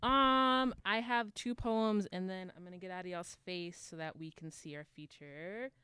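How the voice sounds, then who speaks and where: A woman's voice: lowish voice, steady tone, normal speed, bright, forceful tone, clean tone, no room sound. A young adult woman performing spoken word poetry at an open mic, with rhythmic, emphatic delivery and call and response with the crowd.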